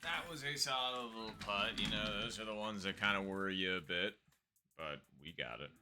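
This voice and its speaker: A man streaming a golf video game, casually commenting on his shots and chatting with viewers in a relaxed, muttering way. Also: on the low side, moderate pace, music in the background. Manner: relaxed, muttering asides to chat.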